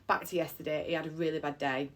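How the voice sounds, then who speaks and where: Low, flat-voiced mum. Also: female voice, fast. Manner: heartfelt, rambling, repeats phrases. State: on the verge of tears. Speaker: mother of three vlogging. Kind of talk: emotional personal storytime.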